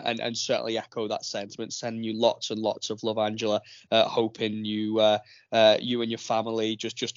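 A man's voice: lowish voice, no room sound. Chatty man hosting a podcast. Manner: chatty, rambling with many fillers. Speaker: podcast host. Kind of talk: casual podcast chat. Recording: dull, dry lo-fi recording.

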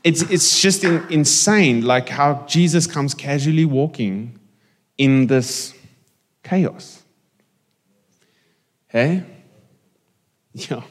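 This is a pastor delivering a sermon in an easygoing, conversational way. He speaks slowly and jokes with the congregation. The voice rings out through a large church hall with a long reverb. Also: a little high. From South Africa.

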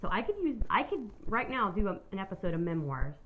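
A woman's voice: mid-range voice, very animated, fast talker, phone-quality sound, slight background noise. A woman hosting her own podcast, telling a personal story in a candid, rambling way and swearing freely. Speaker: podcast host.

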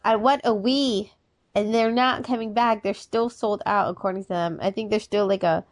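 A woman co-hosting a casual podcast, bubbly and excitable, chatty with lots of fillers. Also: mid-range voice, normal speed, dry recording, studio quality. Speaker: podcast co-host. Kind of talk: casual chat.

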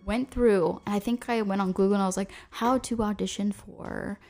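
A woman's voice: medium pitch, fairly even intonation, moderate pace, creaky, a little mellow, soft background music. A young woman guest on a podcast, talking casually with frequent laughs and fillers. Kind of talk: casual interview chat.

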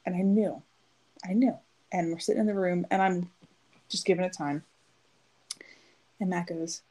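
A woman's voice: fairly low pitch, moderate pace, pauses often, warm tone, slightly rough, poor audio. A woman in her thirties, a podcast co-host telling a long story in casual chat and acting out the quotes. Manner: chatty storytelling, acts out quotes.

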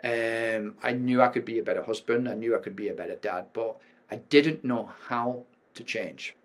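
English man, middle-aged, podcast guest; candid, hesitant delivery full of ums, mid-pitched. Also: normal speed. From England. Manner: frank, with frequent ums and restarts. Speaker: podcast guest, performance coach. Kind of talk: candid personal storytelling.

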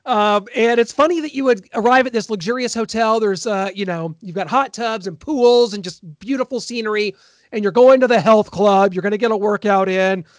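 A man's voice: sits high, brisk, no room sound. A man hosting a podcast, chatting casually and with a laugh about a TV episode. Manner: chatty, full of ums and laughs. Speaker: podcast host. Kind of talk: casual chat recapping a TV episode.

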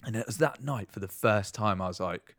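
Brief: young male guest, lowish voice, lively casual storyteller, dry close mic. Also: a little fast, dry recording. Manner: animated, swears freely, acts out quotes. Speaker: podcast guest.

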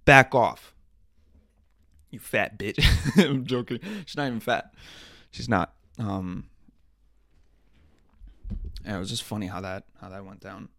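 A man's voice: lowish voice, unhurried, creaky, pauses often, dry recording. A young man hosting a casual solo podcast, telling stories in profane slang and laughing often. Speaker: podcast host.

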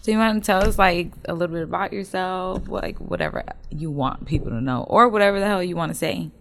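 A woman's voice: on the low side, animated, a little fast, gravelly, fairly bright tone, slight background noise. A woman hosting a casual podcast interview, laughing often and talking loosely with some swearing. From northern United States. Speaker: podcast host.

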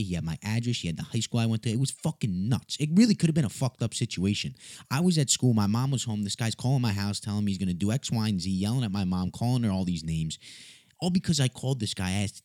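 Deep-voiced young man telling a story. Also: no room sound, studio quality. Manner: animated, swearing, self-mocking. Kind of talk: casual comic storytelling.

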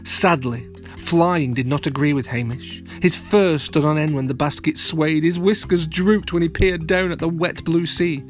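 A man narrating a storybook for children, expressive and speaking straight to young listeners. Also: fairly high pitch. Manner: expressive, addresses children directly. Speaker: storyteller host.

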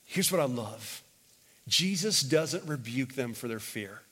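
A male pastor preaching a sermon, emphatic and repetitive, swinging between loud and hushed, leading the congregation in call-and-response. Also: mid-range voice, lively intonation, a little slow, breathy edge. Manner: repeats phrases and leads the congregation in call-and-response. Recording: long hall reverb.

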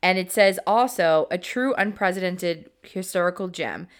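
A woman's voice: fairly low pitch, normal speed. A young American woman co-hosting a casual podcast, upbeat and steering the talk, sometimes reading facts aloud. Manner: upbeat, guides the conversation, reads facts aloud. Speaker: podcast co-host. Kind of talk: casual chat.

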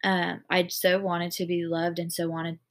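A woman with a lowish voice speaks at a measured pace with little pitch movement. She hosts a casual faith podcast, talking earnestly and rambling, leaning heavily on "like."

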